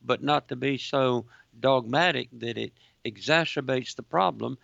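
A man with a strongly gravelly voice hosts Christian talk radio, explaining scripture slowly and carefully. The sound is dull and muffled, close and dry. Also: medium pitch, fairly bright tone, no room sound.

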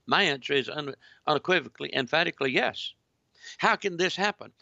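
A man hosting a call-in radio show, delivering a preachy, emphatic monologue that keeps returning to "ladies and gentlemen". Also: on the high side, animated, a little fast, vocal fry, no room sound, muffled recording. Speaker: radio talk show host.

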